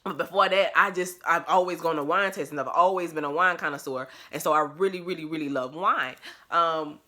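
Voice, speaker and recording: A woman's voice: low voice, a little fast, bright, forceful tone. A woman talking to her phone camera at home in a casual vlog, blunt, profane and emphatic, laughing often. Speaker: vlogger.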